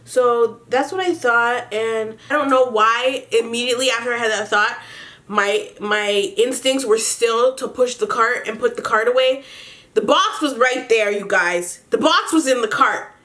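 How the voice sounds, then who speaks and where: A young woman chatting to her viewers while doing her makeup at home, telling a story in an animated way, laughing often and swearing casually. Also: fairly high pitch, unhurried. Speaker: beauty vlogger.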